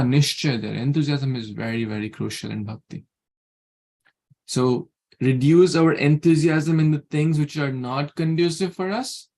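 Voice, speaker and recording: Gravelly man leading a scripture class. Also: on the high side, a little mellow. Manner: earnest, repeats key words, chuckles. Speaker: class leader.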